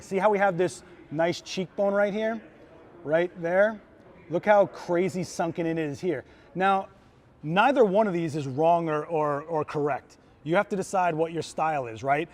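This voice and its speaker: A male photographer with a slightly higher-than-average voice hosts a live, hands-on gear demo on a trade show floor at a normal speed. He explains each step in a relaxed, excited, chatty way, like a friendly teacher.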